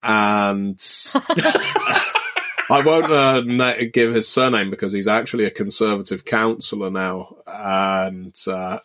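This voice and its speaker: British man, fairly low voice, wry casual anecdotes, halting at times. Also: fairly bright tone. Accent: British English. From Britain. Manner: wry, self-deprecating anecdotes with hesitations. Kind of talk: casual storytelling chat.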